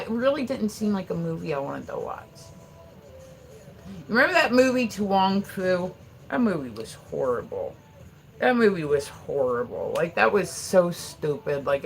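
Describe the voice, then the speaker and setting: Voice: mid-range voice, gravelly, a bit bright, slight background noise. A livestreamer in their forties from Pennsylvania, chatting casually at home in a rambling way, full of "like"s, with frequent laughter and casual swearing. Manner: rambling, filler-heavy, swears freely, laughs often.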